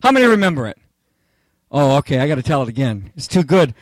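A male preacher delivers an expository sermon with theatrical energy, joking with his congregation as he reads and explains. His voice sits high and swings widely in pitch. The recording is dry and close, with no room sound. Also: sing-song, fast, dry recording.

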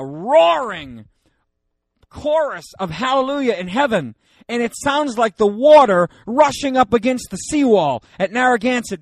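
A man teaches a Bible study in a loose, joking, conversational style, reading scripture aloud with rising emphasis. His voice sits high, and there's no echo.

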